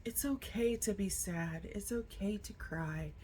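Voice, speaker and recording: Slow, earnest woman vlogger. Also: mid-range voice, a little hiss or hum. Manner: earnest, reflective, gentle encouragement. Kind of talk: heartfelt personal vlog talk.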